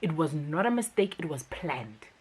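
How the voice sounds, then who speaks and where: A woman's voice: deep voice, big pitch swings, moderate pace, darkish tone, husky. A young woman, reviewing a TV series in a casual, chatty commentary vlog. She talks emphatically, with frequent fillers.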